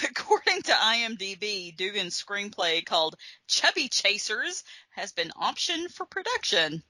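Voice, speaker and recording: A woman's voice: mid-range voice, very animated, measured pace, bright, forceful tone, no echo. A woman co-hosting a podcast, chatting casually about a horror movie, laughing often and swearing freely. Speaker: podcast co-host. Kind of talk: casual movie-review chat.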